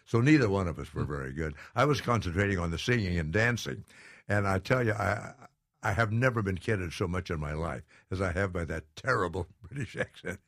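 Older male guest, low voice, self-mocking, chuckles a lot, dry studio sound. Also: animated, fairly quick, a bit bright, dry recording. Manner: self-deprecating, laughs often. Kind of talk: casual interview chat.

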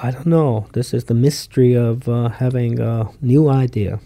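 A man, a scientist interviewed about his research, recalling it in a measured, emphatic way. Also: mid-range voice, fairly even intonation, mellow. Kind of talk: interview recollection.

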